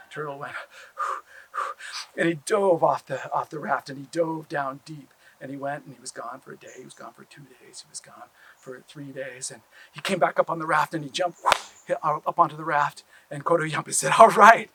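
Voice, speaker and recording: A man telling a traditional story aloud, animated, with drawn-out repeated phrases. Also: a little high, husky, rough recording. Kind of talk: oral storytelling.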